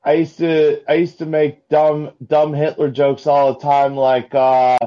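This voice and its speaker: Slow halting guy calling in, kinda high for a man, muffled lo-fi line. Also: monotone. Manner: halting, many restarts, jokey. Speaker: caller. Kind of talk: casual call-in chat. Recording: dull lo-fi call-in line.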